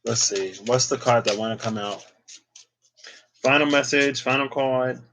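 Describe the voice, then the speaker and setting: A man's voice: medium pitch, unhurried, fairly bright tone, a little hiss or hum, rough recording. Chatty man giving a tarot reading. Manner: chatty, lots of "like" and playful asides. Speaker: tarot reader.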